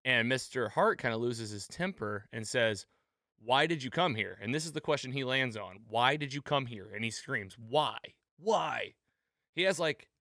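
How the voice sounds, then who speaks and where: A man hosting a casual recap chat, retelling scenes with animated quotes. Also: medium pitch, no echo, clean studio sound. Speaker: podcast host.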